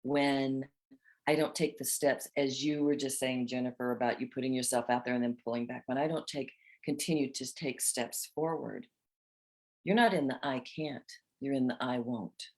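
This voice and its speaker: Host, female, 60s, low voice, expressive spiritual coach talk. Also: moderate pace. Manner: expressive, acts out inner voices with laughter. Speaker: host of a women's group chat.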